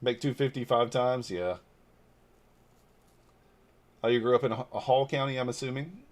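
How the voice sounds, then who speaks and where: Man in his 40s, from northeast georgia, casual livestream host, blunt, reads chat, mid pitch. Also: steady tone, normal speed. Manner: chatty, answers viewer comments aloud; blunt and loose, with mild swearing. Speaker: trading livestreamer.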